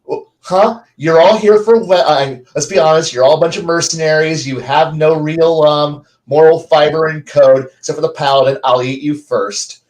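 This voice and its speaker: A man co-hosting a gaming podcast in casual, rambling, animated chat with many restarts. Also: fairly high pitch, normal speed, few pauses, low-quality recording. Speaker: podcast co-host.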